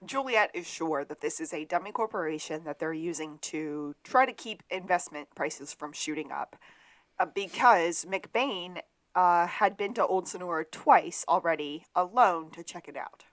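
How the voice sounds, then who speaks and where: A woman's voice: on the low side, moderate pace, no echo. A woman co-hosting a podcast, recapping a TV episode in a matter-of-fact, dry way. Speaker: podcast co-host. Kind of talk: casual episode recap chat.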